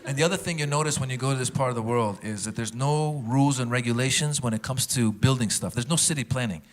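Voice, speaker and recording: A middle-aged man performing a stand-up comedy set before a live audience, telling animated stories and slipping into character voices. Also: medium pitch, quick pace. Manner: animated storytelling, switching into accented character voices. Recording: loud crowd and noise from a live show.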